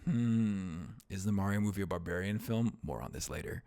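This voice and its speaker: Low-voiced rambling male podcast host. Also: normal speed, creaky, mellow, smooth. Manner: rambling, wry, trails off into mumbles. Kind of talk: casual film discussion podcast.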